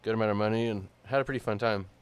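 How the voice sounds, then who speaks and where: A man hosting a live-streamed talk show, chatting casually in a relaxed, rambling way with occasional chuckles. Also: on the low side, racing, smooth. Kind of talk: casual chat.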